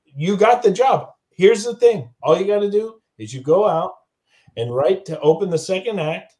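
A man's voice: high-pitched, animated, moderate pace, darkish tone, voice pushed up. A man doing a pushy male talent agent, his voice pushed well above his own. He sounds urgent and insistent throughout. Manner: urgent and persuasive.

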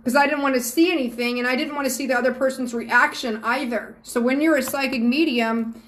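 High-voiced woman, chatty and earnest. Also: steady tone, fairly quick, a bit bright, a little hiss or hum. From Georgia, USA. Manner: chatty, earnest, affectionate asides like "honey". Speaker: psychic medium hosting a live stream. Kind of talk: live-stream monologue.

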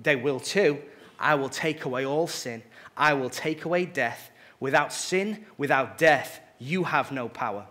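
An agitated devil who cannot believe what he is hearing, pushing back in defiance, as a preacher reads him out. The voice sits at a middle pitch and keeps a storybook telling style. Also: a little slow, hardly any pauses, pushed and bright. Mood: defiant. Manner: agitated, incredulous. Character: defiant disbelieving devil, male. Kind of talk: dramatic reading from a storybook.

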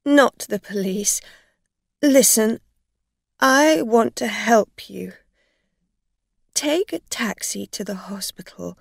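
A woman's voice: on the high side, lively intonation, takes it slowly, creaky, pauses often, dry recording, clean studio sound, full character voice. A woman voicing a frightened, tipsy woman driver who stammers and pleads. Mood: pleading.

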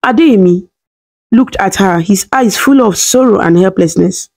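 A woman reading a scripted story in a steady, dramatic way. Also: medium pitch, unhurried.

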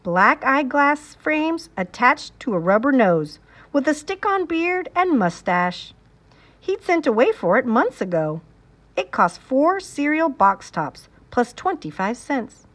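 Woman, children's book reading, expressive, slow, fairly high. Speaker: reader. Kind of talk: reading a children's novel aloud.

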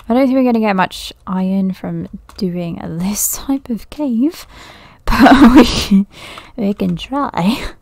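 A woman's voice: mid-range voice, a little slow, vocal fry, darkish tone, no room sound. A woman giving casual let's-play commentary, thinking aloud nervously, often laughing and dropping to a whisper. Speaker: gaming video creator.

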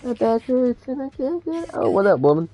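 A male gamer giving casual gameplay commentary, excitable and prone to yelling, his voice cracking when he shouts. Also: very high voice, brisk.

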